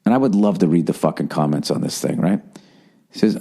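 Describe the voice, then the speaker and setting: A middle-aged man from Boston hosting a podcast, ranting casually and profanely, swinging between loud gripes and low muttering. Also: animated, a little fast, vocal fry, slightly rough. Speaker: podcast host. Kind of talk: casual comedic podcast rant.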